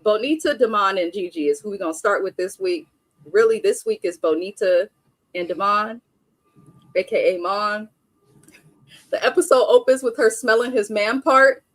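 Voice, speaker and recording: A woman's voice: medium pitch, moderate pace, no room sound. A young adult woman hosting a live stream, giving a casual, blunt recap of a reality show with frequent chatty asides.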